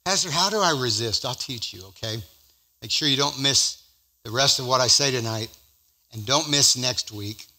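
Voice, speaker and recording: A man preaching a sermon as pastor at a church service, swinging from loud emphatic peaks to slow, drawn-out scripture reading. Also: mid-range voice, fairly even intonation.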